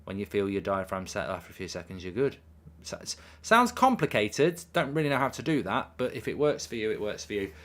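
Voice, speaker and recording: This watchalong streamer has a fairly low, sing-song voice that's a bit bright and a little fast. He's got the hiccups while casually chatting on stream, reading out viewer messages with frequent ums.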